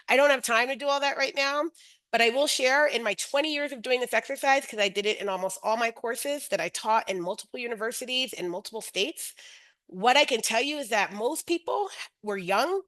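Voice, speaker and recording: A woman's voice: on the high side, fairly bright tone, rough recording. A middle-aged woman presenting an educational webinar as a teacher educator, often checking in with her listeners by asking "right?".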